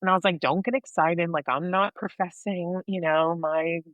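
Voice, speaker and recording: An American woman co-hosting a podcast, telling a personal story in a lively way and acting out the voices of people in it. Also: lowish voice, moderate pace, no echo, lo-fi sound. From United States. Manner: animated storyteller, acts out dialogue. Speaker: podcast co-host sharing her faith story.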